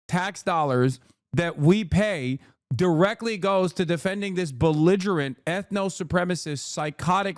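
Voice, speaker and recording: A man's voice: high voice, dry recording. A man streaming ranting political commentary, heated, profane and sarcastic, on a close mic.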